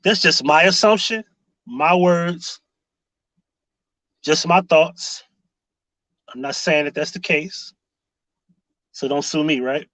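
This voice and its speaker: High, bright sarcastic livestream host. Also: male voice, takes it slowly, long pauses, dry recording, low-quality recording. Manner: sarcastic rhetorical questions, greets chatters. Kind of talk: casual live-stream commentary.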